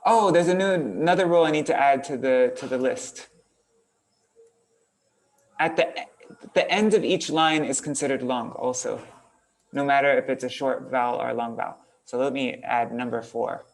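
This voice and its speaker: A man's voice: medium pitch, moderate pace, creaky. A man teaching an online class, casually thinking aloud as he works on screen and chanting out syllable patterns. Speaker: kirtan teacher. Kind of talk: online class explaining verse meter.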